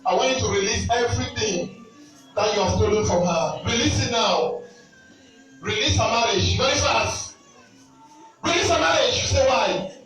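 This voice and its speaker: A man with a high voice leads a deliverance prayer, firing commands and questions and repeating them. He is recorded from a distance in a very echoey hall, with faint music underneath. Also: a bit bright. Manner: commanding, interrogating, repeats himself. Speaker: prophet leading a deliverance.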